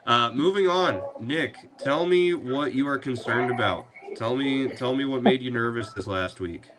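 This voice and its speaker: A man's voice: mid-range voice, moderate pace, noisy background. A man hosting a casual sports podcast, talking in a rambling way with many fillers and restarts. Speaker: podcast host.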